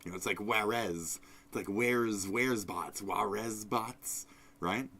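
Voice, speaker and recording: Deep-voiced male streamer, crude and rambling, swings from shouts to mutters. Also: a little slow. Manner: profane, rambling, swings between loud outbursts and mumbles. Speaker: streamer host. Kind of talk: casual live-stream rant.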